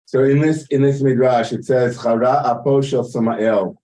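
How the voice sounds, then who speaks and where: A man leads a Torah study lesson, translating the Hebrew phrase by phrase and explaining it in a loose, informal way. His voice is mellow and dark. It is heard from a little distance, away from the mic. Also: medium pitch, steady tone, normal speed. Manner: explains Hebrew text line by line, translating as he goes. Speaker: teacher leading text study.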